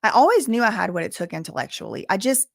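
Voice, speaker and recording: A woman's voice: medium pitch, sing-song, quick pace, creaky, dry recording. Candid Southern woman YouTuber, dry close sound. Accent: Southern US, softened. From US South, bayou country. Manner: candid, emphatic, repeats words for stress. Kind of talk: casual storytelling to camera.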